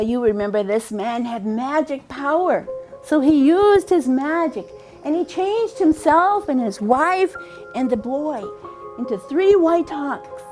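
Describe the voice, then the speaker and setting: A woman with a high voice tells a folk tale aloud. She is lively and warm in pacing, slowing down for emphasis and repeating key phrases for rhythm. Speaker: storyteller. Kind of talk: oral storytelling of a folk tale.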